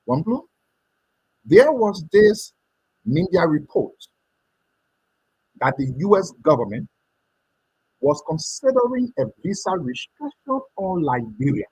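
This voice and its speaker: Panelist guy, husky, lively pitch, speaks straight to the guest, dry sound. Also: dry recording, poor audio. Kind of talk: talk show discussion.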